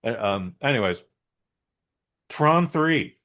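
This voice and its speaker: On a podcast, a male co-host delivers a blunt, opinionated movie review that rambles through a casual conversation. His mid-range voice is a bit bright, with lively intonation and a slow pace.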